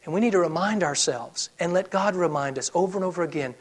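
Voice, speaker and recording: A pastor preaching a sermon, moving from loud emphatic lines to soft, hushed ones, with casual asides and restarts. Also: male voice, high-pitched, fast talker, hardly any pauses. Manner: conversational asides with fillers and restarts.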